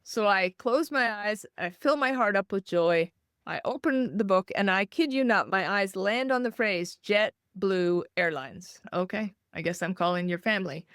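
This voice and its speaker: A woman guest telling a personal story in an interview, animated and acting out the voices she quotes. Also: medium pitch, a little slow, smooth, no room sound, clean studio sound. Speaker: guest author.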